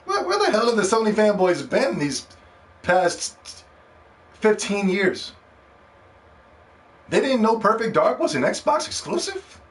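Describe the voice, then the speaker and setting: A man's voice: high-pitched, slow pace, long pauses. A man hosting a podcast, telling stories in a casual monologue and acting out other people's reactions with slang. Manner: animated storytelling, mimics other people in slang. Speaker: podcast host.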